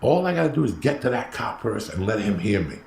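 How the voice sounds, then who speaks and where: A man telling a profane comic story in a brash, animated way, acting out the voices of the people in it. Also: on the low side, quick pace, gravelly. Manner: brash, animated, acts out quotes. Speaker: podcast storyteller. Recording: roomy echo with faint noise.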